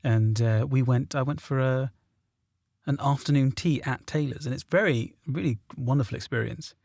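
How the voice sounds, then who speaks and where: A man's voice: medium pitch, normal speed, creaky, darkish tone, dry recording, studio quality. A man with a southern English accent, a guest in a casual podcast chat, talking hesitantly with many ums and restarts. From south of England.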